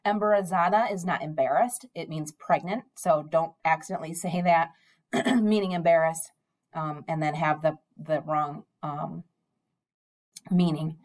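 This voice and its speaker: A young woman gives a recorded lesson in a slightly low voice. She talks the class through it in an easygoing way and often pauses on an "um". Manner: relaxed teacher talk with frequent ums. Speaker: Spanish teacher.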